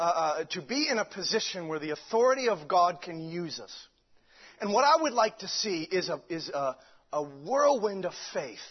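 A man's voice: high-pitched, breathy edge. A man preaching a sermon with fervent delivery, stumbling over restarts and many fillers. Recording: dull lo-fi recording.

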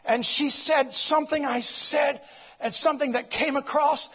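A man preaching, moving from shouted exclamations to hushed storytelling and repeating his phrases. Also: extremely high pitch, steady tone, normal speed, dull audio. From United States. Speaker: visiting preacher. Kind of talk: sermon storytelling.

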